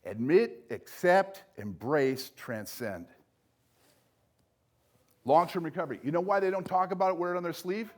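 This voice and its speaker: An older man speaks to an audience in a motivational style, his voice sitting a bit high for a man. He punches key words loudly, then sinks into quiet, low asides. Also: animated, normal speed, long pauses. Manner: emphatic, swings between loud punches and soft lows. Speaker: speaker at a recovery event. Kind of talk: motivational speech.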